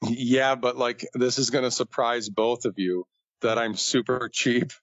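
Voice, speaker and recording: A man's voice: medium pitch, fairly even intonation, a little slow, a bit bright, no room sound, highs cut off. A man co-hosting a podcast, chatting in a laid-back, self-deprecating way. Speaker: podcast co-host. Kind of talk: casual chat.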